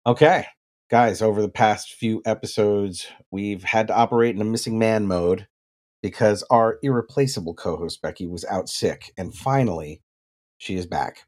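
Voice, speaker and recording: Male podcast host, lowish voice, relaxed joking banter. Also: moderate pace. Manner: loose, joking, swears freely. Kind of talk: casual chat.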